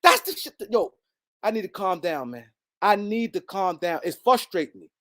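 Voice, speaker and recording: A man's voice: high voice, lively intonation, normal speed, a bit bright. A man hosting a heated solo sports commentary, repeating his points for emphasis and talking straight at absent players.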